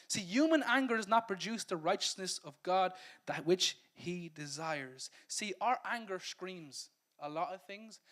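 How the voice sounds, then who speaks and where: An Irish pastor with a notably high voice delivers a sermon in a loose, chatty way. He breaks into acted-out snippets of dialogue and laughs at his own asides, then presses his point home with repeated phrases. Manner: lively, conversational preaching that acts out quotes and laughs at himself. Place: church service.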